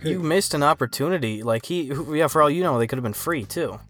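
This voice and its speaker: A man's voice: a little high, animated, fast, fairly bright tone, faint music behind. An American man with a New York accent, bantering and joking on a podcast. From United States. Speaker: podcast co-host. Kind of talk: casual chat.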